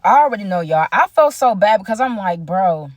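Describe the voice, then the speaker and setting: A woman's voice: mid-range voice, expressive, fast talker, dry recording. Young woman vlogger, chatty storyteller, speaks to her audience, dry mic. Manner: chatty, keeps addressing viewers directly. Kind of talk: storytime vlog.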